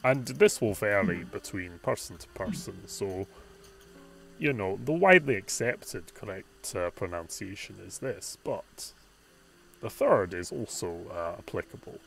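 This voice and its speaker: Scottish schoolteacher, folksy and patient, played by a man, low voice with a lively swing. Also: a little slow, vocal fry, soft background music, heavily acted, poor audio. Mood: explaining. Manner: patient, folksy explaining, calls student laddie. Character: male teacher with a thick Scottish accent.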